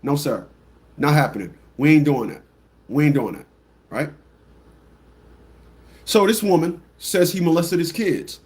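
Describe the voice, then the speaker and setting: A man hosting a livestream talk show, telling a story bluntly and mockingly, repeating phrases and mimicking people with shrill squawks. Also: lively intonation, measured pace, pauses often, darkish tone. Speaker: radio show host.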